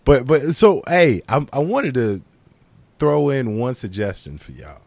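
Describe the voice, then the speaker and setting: A man speaks in a casual podcast chat with a very lively, animated pitch. He talks emphatically and often repeats words as he works up to his point. The sound is close and dry. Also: measured pace, creaky, dry recording.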